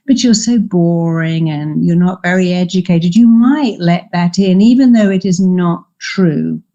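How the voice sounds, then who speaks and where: A woman's voice: mid-range voice, dark tone, lo-fi sound. An older woman, a therapist, giving emphatic coaching advice in a podcast interview and acting out quoted voices. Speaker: therapist and guest speaker.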